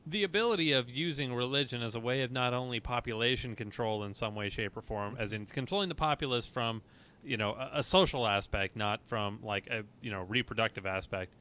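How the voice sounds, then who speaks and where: A man's voice: mid-range voice, fairly quick, bright, forceful tone, smooth. A man co-hosting a casual podcast, rambling and hunting for words, swearing and laughing easily.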